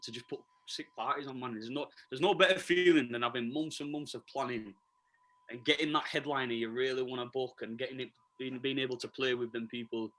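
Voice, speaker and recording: A man's voice: mid-range voice, fairly even intonation, a little fast, a bit bright, low-quality recording. A man with a Leeds accent, a DJ talking chattily and eagerly as a podcast guest, with lots of restarts and fillers. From Leeds, England. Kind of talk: casual podcast interview.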